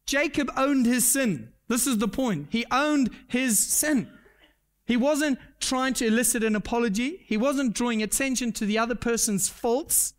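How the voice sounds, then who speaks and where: A man's voice: extremely high pitch, normal speed. A man preaching a sermon. He talks earnestly, repeats his key points, asks the congregation questions and pokes fun at himself. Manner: self-deprecating humor. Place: church service.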